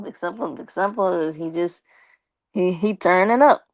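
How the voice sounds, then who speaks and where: A woman's voice: fairly low pitch, normal speed, no echo. A woman hosting a casual live stream, reading viewer comments aloud in a playful, teasing way and laughing often.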